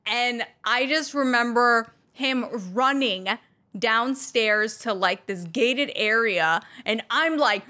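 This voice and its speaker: Young woman vlogging, high bright voice, goofy and self-mocking, acts stuff out. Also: a little slow. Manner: animated, self-mocking, acts out quotes in loud squeals. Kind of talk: casual storytelling to camera.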